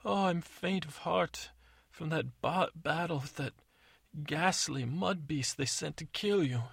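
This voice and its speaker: A scheming stepmother, part fairy godmother, pleads in a higher, drawn-out, mock-tender voice, as a man puts her on for a bedtime story. A gravelly texture runs under the voice. The sound is close and dry. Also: a bit bright, no room sound, full character voice. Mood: sweetly pleading.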